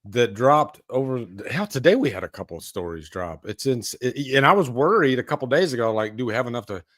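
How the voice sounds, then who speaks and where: A man's voice: medium pitch, lively intonation, a little fast, a bit bright. A man hosting a live horror news stream, chatting casually and laughing often. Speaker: podcast host.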